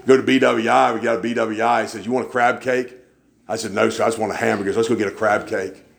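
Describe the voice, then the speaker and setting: A man's voice: lowish voice, fairly even intonation, fast talker, gravelly, a little hiss or hum. A man, preaching in a church and telling folksy stories, acting out the people he quotes. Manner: folksy storyteller, acts out quoted voices. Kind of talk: sermon storytelling.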